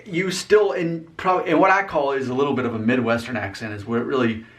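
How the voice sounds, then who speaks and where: A man's voice: medium pitch, a little fast, fairly bright tone. A young man from Alabama chatting casually as a vlog host, explaining things in an easygoing, rambling and teasing way. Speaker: vlogger host. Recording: voice a little off-mic.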